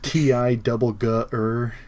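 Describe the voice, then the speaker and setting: A man's voice: medium pitch, level tone, takes it slowly, a little mellow. A man co-hosting a podcast, chatting casually and laughing as he eagerly recounts favorite moments. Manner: laughing, enthusiastic recounting of scenes. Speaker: podcast co-host. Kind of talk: casual chat.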